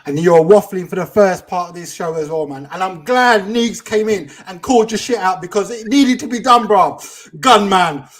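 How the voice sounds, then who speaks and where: A man calling in to a football fan show, mocking the host in rapid slang. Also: high voice. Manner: mocking, rapid slang-heavy trash talk. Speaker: caller. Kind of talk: heated fan phone-in rant.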